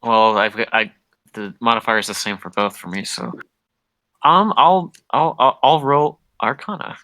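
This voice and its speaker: A man playing a tabletop game, talking in halting bits with many restarts. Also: medium pitch, bright, forceful tone, low-quality recording. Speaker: player. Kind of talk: tabletop role-play chat.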